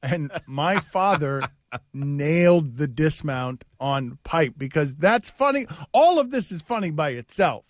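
A man's voice: a little high, animated, slow, no room sound, clean studio sound. A man hosting a sports talk radio show, telling stories animatedly and laughing at his own bits. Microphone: studio mic.

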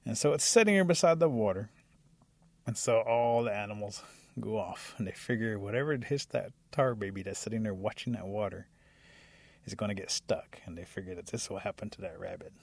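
A man telling a traditional animal story aloud, animated and acting out the animals as he goes. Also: fairly low pitch, brisk, gravelly, no echo. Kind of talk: oral storytelling.

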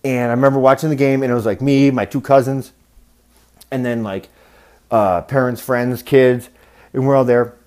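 A man tells long, rambling stories on his podcast, swearing freely and slipping into quick impressions of the people he talks about. His voice sits at an ordinary middle pitch, and the tone stays casual and loose throughout. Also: steady tone, a little mellow. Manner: profane, rambling, acts out quoted voices. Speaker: podcast host. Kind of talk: casual storytelling monologue.

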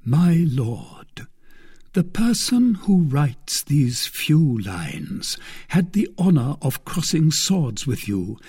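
A man voicing a suave, clever male musketeer poet who speaks with measured self-confidence and a husky tone. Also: a little high, sing-song, dark tone, voice pushed up, exaggerated voice.

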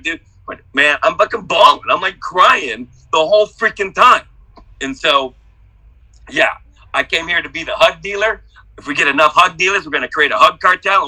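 A middle-aged man with a very bright, ringing voice swears freely as he talks. He drops into low, quiet confession, then climbs into shouted, exuberant hype. His pitch sits in the ordinary middle for a man. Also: poor audio. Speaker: workshop participant. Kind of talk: emotional testimonial on a group video call.

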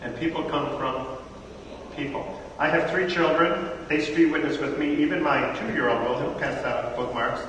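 A man in his thirties teaching a church audience, an animated storyteller who acts out the voices in his stories. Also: on the high side, moderate pace, slight background noise. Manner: animated storyteller acting out dialogue. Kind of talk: lively talk to a live audience. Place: large hall with audience. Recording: echoey hall from far off.

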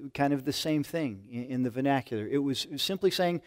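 An older man delivers a sermon in an earnest, conversational manner. His voice sits at an ordinary middle pitch, and he often circles back and restarts a phrase as he teaches. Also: moderate pace, few pauses, darkish tone. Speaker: pastor.

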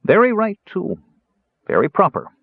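A man voicing a smooth, mild-mannered elven high priest who is quietly menacing, on a tinny, dry recording. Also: wildly swooping pitch, normal speed, no echo, full character voice.

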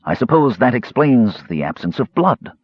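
A man reading an audiobook, voicing a sickly male mage who speaks in a bland, measured, quietly sardonic way. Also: mid-range voice, big pitch swings, husky, no room sound, voice pushed up. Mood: cool. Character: hushed, sickly male mage, cool and cutting. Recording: slightly muffled dry recording.

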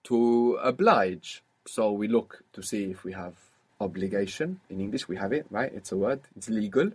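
A man's voice: lowish voice, brisk, a little mellow, husky. A man teaching a language lesson, patiently prompting and explaining.

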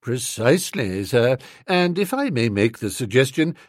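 A man voicing an unflappable male valet who speaks quietly, slowly and formally. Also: mid-range voice, big pitch swings, no room sound, studio quality. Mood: composed. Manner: quiet, measured, slow and formal.

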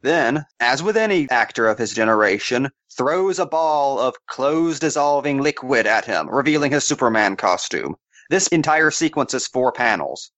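Sarcastic man with lively pitch. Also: moderate pace, dry recording, highs cut off. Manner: sarcastic wisecracks, jokey voices. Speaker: podcast co-host. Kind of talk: casual comic book banter.

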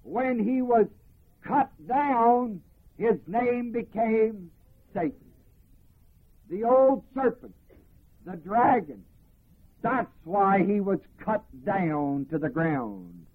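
A man preaching a sermon, reading scripture slowly and emphatically and explaining each phrase. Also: high voice, lively intonation, husky. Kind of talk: sermon, Bible teaching. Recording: tinny phone-like lo-fi recording.

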